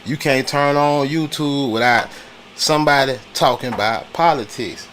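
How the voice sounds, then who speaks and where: A man's voice: medium pitch, normal speed, fairly bright tone, slight background noise. A man from the United States hosting a casual political talk stream. He uses loose slang, repeats his points and keeps stopping to greet viewers in the chat. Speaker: livestream host.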